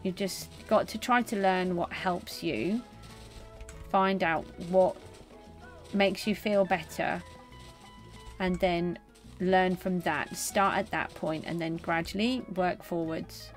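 A woman's voice: on the low side, fairly even intonation, takes it slowly, faint music behind. Chatty middle-aged woman game streamer. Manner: chatty, reads out and answers viewers; gentle and consoling. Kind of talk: casual live-stream chat.

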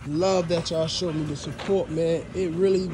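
A man's slightly high voice comes through over a noisy background as he films a casual thank-you vlog on his phone, walking outside at his dog kennels. The dog breeder speaks at a normal speed with fairly even intonation, sounding sincere, repeating himself, and calling his viewers "fam."

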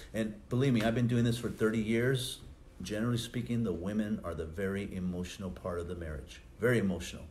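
A man's voice: lowish voice, a little mellow. A middle-aged male pastor preaching a sermon in a conversational, anecdotal way, chuckling often.

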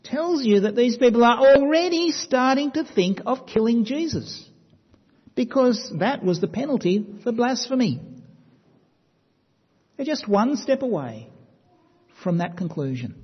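A man preaching a sermon, telling the story dramatically and dropping to quiet emphasis. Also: extremely high pitch, expressive, unhurried, long pauses, slightly rough. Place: church hall. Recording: dull sound with long hall reverb.

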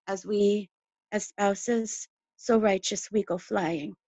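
A woman giving a measured, intimate poetry reading over a video call, her phrases trailing off quietly. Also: mid-range voice, fairly even intonation, dry recording. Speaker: poet.

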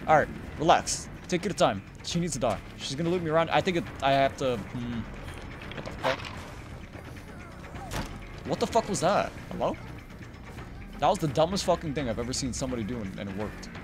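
A man giving live gameplay commentary, muttering under his breath and then yelling profane taunts at other players. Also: big pitch swings, fairly quick, long pauses, over music. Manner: mutters low, then bursts into loud taunting yells; profane, trash-talking. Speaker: gaming YouTuber.

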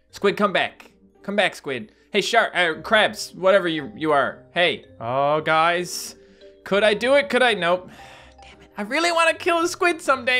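Young male gaming host, lively swooping delivery, bright voice, casual let's-play chat. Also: sits high. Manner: animated, yelps and laughs at sudden attacks. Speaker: gaming YouTuber.

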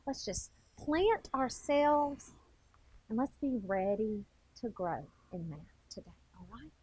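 A woman's voice: a little high, slow pace, husky, no room sound. A woman, a second grade teacher giving a playful TV math lesson and talking straight to the children. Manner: playful, animated, talks straight to kids. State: a little out of breath.

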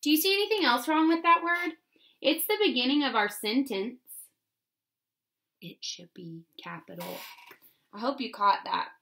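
A woman teaching a phonics lesson to first graders, sounding words out slowly. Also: sits high, expressive, bright, forceful tone. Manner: slow, exaggerated sounding-out of words. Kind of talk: phonics lesson for young children.

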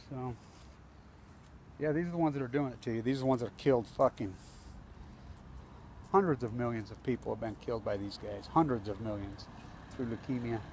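A man's voice: medium pitch, a little fast, pauses often, a little mellow, slight background noise. A man filming himself outdoors on a phone, angrily ranting with heavy profanity and a lot of repetition. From United States. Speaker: protester. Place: outdoors by a building entrance.

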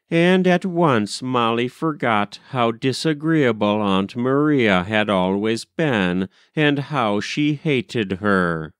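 A man reading a classic children's story aloud in a measured, expressive storytelling manner. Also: mid-range voice, clean tone, no echo, studio quality. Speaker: audiobook reader. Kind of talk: storybook narration.

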